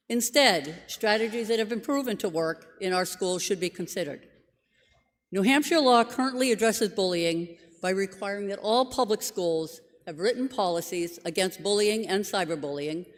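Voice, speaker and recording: A state legislator reading a measured, formal floor speech that lists objections one by one. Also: medium pitch. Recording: long reverb of a legislative chamber.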